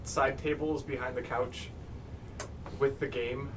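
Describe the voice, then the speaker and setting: A man asks plain, matter-of-fact questions in casual talk. He sounds far from the mic. Clear background noise runs underneath. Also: medium pitch, little pitch movement, slow.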